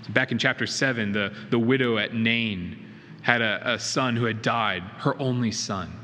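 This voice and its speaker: A man's voice: mid-range voice, normal speed, pushed and bright. Man preaching in an echoey church. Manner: earnest, emphatic, with rhetorical questions. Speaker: pastor. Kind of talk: sermon. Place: church sanctuary. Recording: reverberant hall with faint noise.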